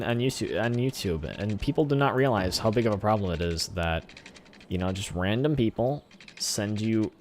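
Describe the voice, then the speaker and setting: A man's voice: lowish voice, expressive, normal speed, a little hiss or hum. A man giving casual gameplay commentary, rambling and talking back at the game. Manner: rambling, talks to the game, erupts in shouted cheers. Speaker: gaming channel host.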